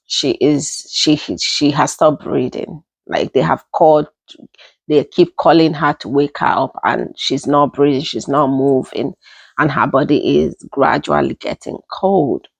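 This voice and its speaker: A young Nigerian-accented woman, a storytelling vlogger, relates a personal story in a relaxed, unhurried way, often circling back to repeat herself. Her voice is low-pitched and gravelly with a breathy edge, and the recording is dry.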